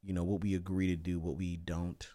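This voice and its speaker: A man with a deep, low voice co-hosts a casual podcast about marriage. He talks in an easygoing, conversational way and often checks in with his partner. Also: little pitch movement, brisk, warm tone. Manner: laid-back, conversational, uses "you know what I'm saying". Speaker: podcast co-host. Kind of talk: casual chat.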